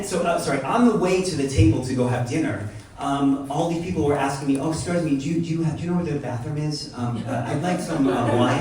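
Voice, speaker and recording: A man's voice: mid-range voice, darkish tone, slight background noise. Man telling a rambling story in an echoey room. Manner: rambling, self-interrupting, wry. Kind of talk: live personal storytelling. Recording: echoey room, heard from a distance.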